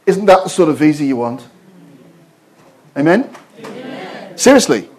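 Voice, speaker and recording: A man's voice: fairly high pitch, sing-song, unhurried, long pauses, slightly rough. A middle-aged man preaching a sermon to a congregation, telling stories playfully and firing questions at the audience. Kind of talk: sermon with storytelling.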